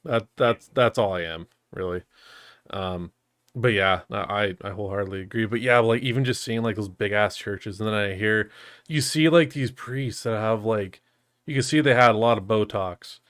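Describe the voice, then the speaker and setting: A man's voice: fairly low pitch, moderate pace, fairly bright tone, no echo. Rambling man, dry close sound. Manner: rambling with many fillers, laughs often. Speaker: podcast co-host. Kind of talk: casual chat.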